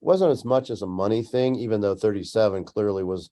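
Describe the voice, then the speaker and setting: A man hosting a podcast interview in a relaxed, chatty way, often letting his sentences trail off softly. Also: fairly low pitch, brisk. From Tucson, United States. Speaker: podcast host. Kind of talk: casual interview chat.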